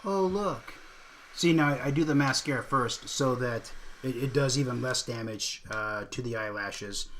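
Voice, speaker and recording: Brief: middle-aged male streamer, earnest, chatty, demo mode, mid-pitched voice. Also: normal speed, fairly bright tone, slight background noise. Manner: earnest and chatty, showing makeup steps as he talks. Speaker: livestream host. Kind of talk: casual livestream chat.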